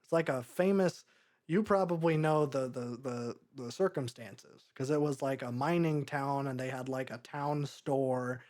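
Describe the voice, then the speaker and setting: Young male podcast co-host, mid-pitch voice, rambly casual movie chat full of ums. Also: darkish tone. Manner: rambling, halting with many fillers.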